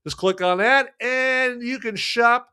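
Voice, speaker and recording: A man's voice: takes it slowly, bright, forceful tone, smooth. A man hosting a podcast in casual chat, rambling and joking with many restarts and fillers. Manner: jokey, chummy sales pitch. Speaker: podcast host.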